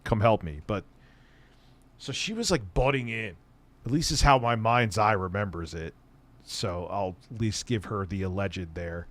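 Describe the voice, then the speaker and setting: A man's voice: on the low side, measured pace, a bit bright. A man hosting his own channel, telling a casual, profane, sardonic story about an old job. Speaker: streamer and channel host.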